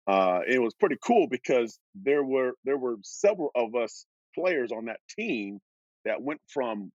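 A man in his fifties from Oregon, a former pro football player, telling stories as a guest in an animated way, laughing as he goes. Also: medium pitch, unhurried, no echo, muffled recording. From Oregon, USA. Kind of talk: animated storytelling.

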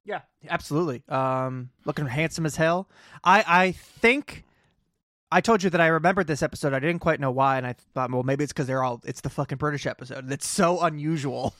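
A man's voice: fairly high pitch, fairly quick, fairly bright tone, no echo, studio quality. A man co-hosting a podcast, recapping a TV episode in casual chat with wry jokes and casual swearing. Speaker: podcast co-host.

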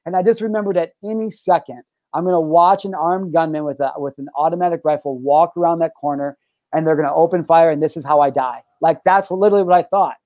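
Young guy telling a story, swears a lot, says bro, a bit high voice, dry sound. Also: quick pace, dry recording, highs cut off. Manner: profane, animated, says "bro". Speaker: guest. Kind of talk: casual storytelling.

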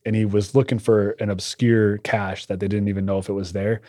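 A young man casually telling a rambling, animated story as a podcast guest, swearing now and then. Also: fairly low pitch, fairly quick, no room sound, clean studio sound. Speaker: podcast guest, cannabis shop owner.

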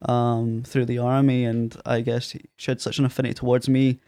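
A man's voice: medium pitch, normal speed, dry recording. Scottish man telling stories in a dry room. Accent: Scottish, Ayrshire. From Scotland. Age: 30s. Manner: animated storyteller, acts out quotes in a raised voice. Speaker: guest. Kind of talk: casual interview.

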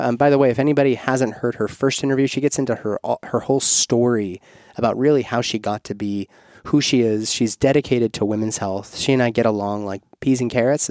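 A man's voice: mid-range voice, darkish tone, no echo, clean studio sound. A man hosting a podcast interview in a casual, playful and teasing way. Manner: playful, teasing, laughs easily. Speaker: podcast host.

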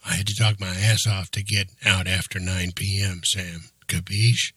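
Guy reading a crude grumpy slob who swears constantly, kinda husky and low, dry sound. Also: flat delivery, normal speed, sharp tone, no echo, full character voice. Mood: grumbling. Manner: crude, grumbling, swears a lot. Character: crude, impatient young man always craving snacks.

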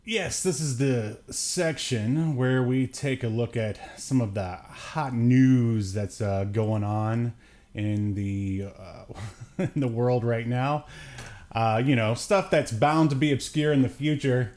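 A man's voice: mid-range voice, slow pace, darkish tone. A man hosting a podcast in casual chat, joking and laughing often, with plenty of fillers. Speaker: podcast host.

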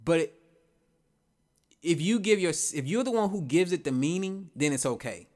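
This podcast host's voice is a little high, expressive and slightly mellow, moving at a normal speed. He muses through his ideas in a loose, reflective monologue, circling back on points and throwing out rhetorical questions.

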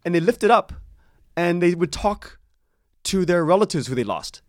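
A man's voice: high-pitched, expressive, normal speed, no echo, clean studio sound. A man being interviewed about his audio drama, talking casually in long rambling stretches with frequent restarts and laughs. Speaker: podcast creator, interview guest.

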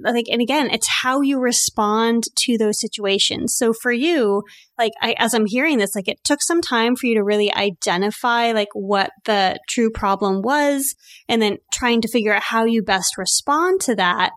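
A woman hosting a veterinary podcast, enthusiastic and speeding up as she gets excited. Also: fairly high pitch, normal speed, dry recording, clean studio sound. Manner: enthusiastic, speeds up when excited, many "like" fillers. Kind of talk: casual podcast interview.

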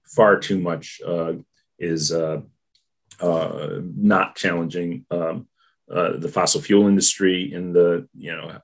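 A man giving his take on politics in a casual discussion, measured and thoughtful, with many pauses and fillers. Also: low-pitched, husky. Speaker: political commentator.

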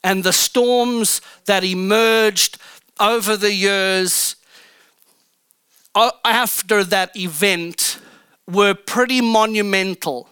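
A man's voice: high voice, takes it slowly, pushed and bright, smooth, no echo. A man preaching a sermon as pastor, telling a personal story in a fervent, emphatic way with lots of repetition. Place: church stage.

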